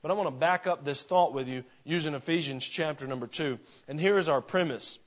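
A male pastor preaching a sermon in church, folksy, with joking asides, slowing down to stress scripture. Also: on the high side, highs cut off.

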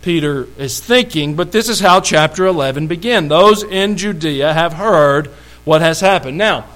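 A man's voice: on the high side, expressive, normal speed, fairly bright tone, rough recording. A middle-aged man, preaching a storytelling sermon in a folksy, humorous way and speaking straight to the congregation.

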